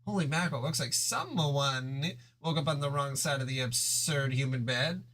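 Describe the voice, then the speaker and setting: A man's voice: medium pitch, normal speed, fairly bright tone, close to an everyday voice, low-quality recording. A man voicing a bubbly, aristocratic fish-alien girl who says glub, in a playful, slightly pompous way, as he reads a webcomic aloud with voices. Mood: playful, lofty.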